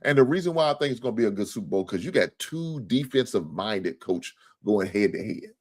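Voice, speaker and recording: A man's voice: on the low side, very animated, brisk, darkish tone, breathy edge. A man hosting a casual sports talk livestream, joking, swearing freely and thanking viewers for donations. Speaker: sports talk show host.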